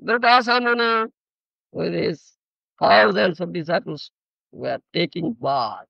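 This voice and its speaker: A man's voice: sits high, animated, takes it slowly, gravelly, no room sound. An older man with an Odia accent giving a sermon, often checking that his listeners understand and explaining words. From Odisha, India. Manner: keeps checking "you understand?"; explains terms. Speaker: spiritual teacher. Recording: dull lo-fi archive recording.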